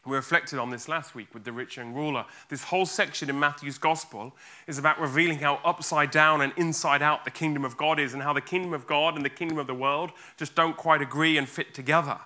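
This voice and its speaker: Bright-voiced man preaching a sermon. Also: on the high side, fairly quick. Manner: earnest, expressive preaching with acted quotes. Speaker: pastor. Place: church.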